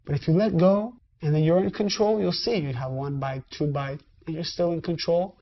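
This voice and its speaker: A woman with a low voice gives a recorded lecture, teaching a spiritual lesson conversationally and addressing her listeners directly. She speaks at a moderate pace, and the high frequencies of the audio are cut off.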